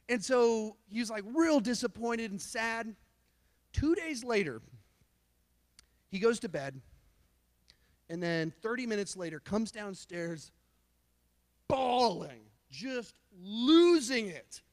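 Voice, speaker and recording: A youth pastor giving a sermon in a casual, chatty way, filled with "like". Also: male voice, high voice, animated, slow pace, pauses often. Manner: casual, chatty preaching with lots of "like". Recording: long hall reverb.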